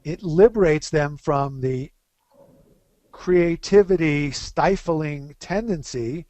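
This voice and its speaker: A middle-aged man speaking as the guest expert on a webcast interview, an animated storyteller who slows down to stress key phrases. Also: a little high, no echo, lo-fi sound.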